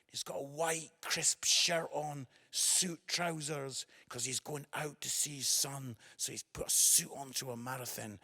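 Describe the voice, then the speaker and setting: A man in his forties, an evangelist and comedian, delivering a gospel message through animated comic storytelling that turns earnest and gentle. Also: a little high, creaky, husky. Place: live event venue.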